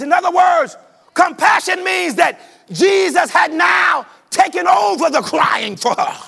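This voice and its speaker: A man preaching a sermon, shouting in a sing-song cadence. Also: extremely high pitch, expressive, measured pace, vocal fry. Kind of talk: whooping sermon.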